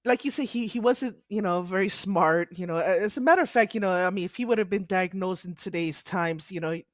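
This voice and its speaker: A woman's voice: mid-range voice, brisk, no room sound, studio quality. A woman co-hosting a podcast, talking casually about films in an outspoken, emphatic way. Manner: outspoken, emphatic, laughs easily. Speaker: podcast co-host. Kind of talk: casual film chat.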